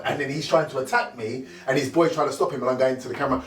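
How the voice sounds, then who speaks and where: A middle-aged man, a podcast guest telling animated anecdotes and acting out the quoted lines. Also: mid-range voice, quick pace, hardly any pauses, husky.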